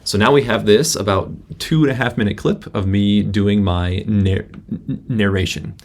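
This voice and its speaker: A male instructor records a software tutorial at his laptop indoors, using its built-in mic. His voice has deep vocal fry, and his delivery is casual and halting with many restarts.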